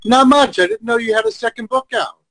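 Lively man chatting on a video call. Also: extremely high pitch, fairly quick, gravelly, low-quality recording. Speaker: show guest. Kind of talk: casual chat.

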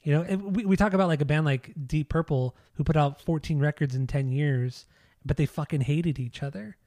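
A man co-hosting a music podcast, talking casually and swearing freely as he argues his opinions. His voice sits a little high with a mellow, relaxed tone. It is recorded dry and close. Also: fairly quick, no echo. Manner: profane, opinionated, blunt. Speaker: podcast co-host. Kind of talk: casual chat.

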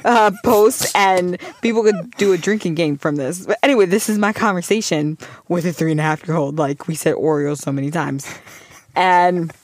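A woman's voice: on the low side, no room sound, clean studio sound. A pregnant young woman co-hosting a podcast, telling a story in casual chat and acting out her toddler's lines. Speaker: podcast co-host.

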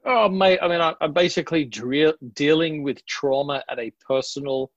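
A man's voice: on the high side, moderate pace, no echo, muffled recording. A man with an Adelaide Australian accent, a pastor talking earnestly and casually in a podcast interview. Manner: earnest, reflective, casual with slang.

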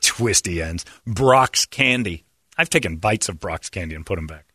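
Animated, rambling male radio host. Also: deep voice, moderate pace, slightly rough, dry recording, clean studio sound. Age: middle-aged. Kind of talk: morning radio banter.

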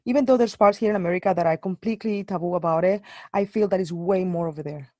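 A woman's voice: fairly low pitch, fast talker, dry recording. Chatty woman with dry close sound. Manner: animated storytelling, many fillers and restarts. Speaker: guest. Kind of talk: casual chat.

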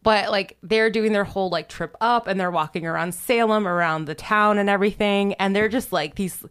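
A woman's voice: medium pitch, moderate pace, fairly bright tone, clean tone. A woman casually retelling a ghost story on a podcast, rambling and saying "like" constantly. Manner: rambling, heavy use of "like", giggly. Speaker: podcast host.

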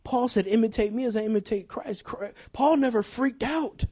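A middle-aged man preaching a sermon, swinging from shouted lines to quiet asides and laughing often. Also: very high voice, normal speed, husky.

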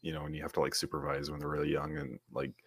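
A man's voice: a bass voice, completely flat delivery, racing, creaky, breathy edge, dry recording, clean studio sound. A man chatting as a guest co-host on a casual livestream, telling stories in a rambling, playful way.

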